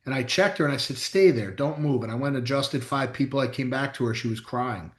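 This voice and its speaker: A man's voice: mid-range voice, brisk. A middle-aged man, a chiropractor co-hosting a casual chat, telling blunt, emphatic stories with some mild swearing. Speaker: chiropractor, podcast co-host. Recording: echoey room.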